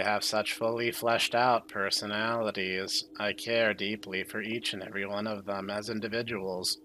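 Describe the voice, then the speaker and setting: A young man doing sarcastic, deadpan commentary while playing a horror game. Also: on the low side, moderate pace, few pauses, slight background noise. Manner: deadpan, dry sarcastic asides. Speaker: game streamer. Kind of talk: sarcastic let's-play commentary.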